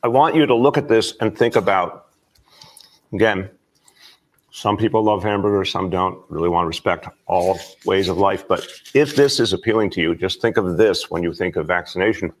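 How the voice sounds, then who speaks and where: A man in a promotional clip, pitching earnestly in a jokey, folksy way. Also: moderate pace.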